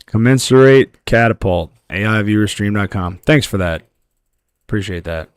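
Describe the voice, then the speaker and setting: Low-voiced male gamer streaming, dry close sound. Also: moderate pace, smooth, dry recording. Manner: relaxed, talks to chat while playing; yells with excitement at lucky loot drops. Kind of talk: casual gameplay livestream chat.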